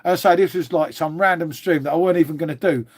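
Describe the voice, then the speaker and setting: A man's voice: on the high side, fast, noisy background. A man, chatting casually on a live stream, joking, swearing and calling everyone mate. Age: 50s.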